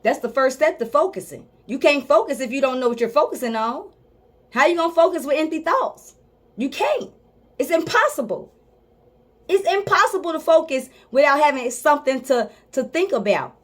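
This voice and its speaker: Female life coach, high-pitched, emphatic motivational delivery, repetitive and informal. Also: expressive, fairly quick. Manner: emphatic and repetitive, drives points home; speaks directly to viewers, informal. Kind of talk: motivational talk to camera.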